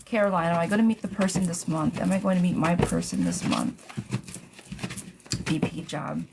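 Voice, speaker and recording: A woman's voice: lowish voice, moderate pace, creaky, heavy background noise. A woman doing a live-stream tarot reading, answering viewers' questions in a chatty, blunt way, swearing freely and calling them girl and love bug. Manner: gets riled up and rants, then calms herself. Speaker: tarot reader.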